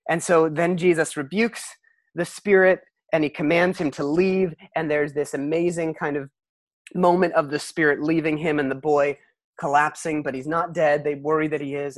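A man's voice: on the high side, fairly even intonation, normal speed, dry recording. Dry-sounding conversational male preacher. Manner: conversational storytelling, self-deprecating humor. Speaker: pastor. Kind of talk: sermon.

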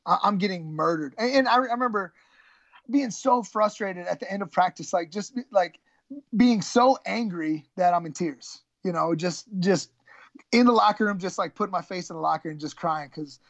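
Gravelly man telling his story haltingly. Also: sits high, no echo, dull audio. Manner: halting, many restarts and throat clearing. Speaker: guest, former college wrestler. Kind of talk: candid conversational storytelling.

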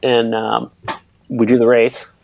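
This young bike racer and mechanic, a guest on an interview, speaks at a medium pitch, slowly and levelly, with a creaky, darkish voice. He rambles through a long, casual story packed with fillers, doing the voices of other people. The audio quality is poor.

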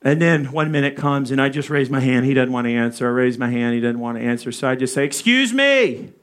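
A male preacher telling a personal story in a sermon, animated and speaking asides to his listeners. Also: mid-range voice, quick pace, smooth. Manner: animated, acts out quoted voices, asides to the audience.

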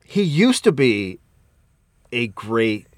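Profane, animated male podcast co-host. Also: medium pitch, takes it slowly, dry recording. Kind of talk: casual chat.

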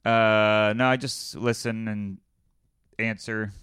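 A man hosting a casual podcast, reading topics and making wry, quick remarks to his co-host. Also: lowish voice, flat delivery, a bit bright, smooth, dry recording, studio quality.

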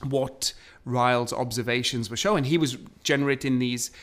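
Male science storyteller, mid-pitched, chatty, hesitant. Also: fairly even intonation, moderate pace, fairly bright tone. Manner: storytelling, hesitant with ums and restarts.

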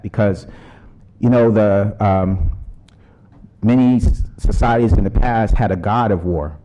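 A man giving a prepared speech as a panel speaker. His measured, earnest delivery turns loose and conversational when he strays from his text. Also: medium pitch, dark tone. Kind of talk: prepared speech with ad-libbed asides.

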